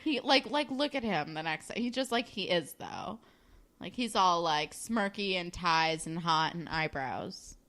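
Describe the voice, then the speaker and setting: A young woman co-hosting a podcast, casually recapping a TV episode with animated, opinionated, exasperated remarks. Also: fairly low pitch, unhurried. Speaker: podcast co-host.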